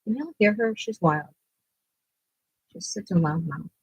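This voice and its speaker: A woman's voice: fairly low pitch, expressive, a little slow, breathy edge, no echo, poor audio. A woman chatting casually while painting at home, cooing sing-song at her dogs. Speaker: artist and vlogger.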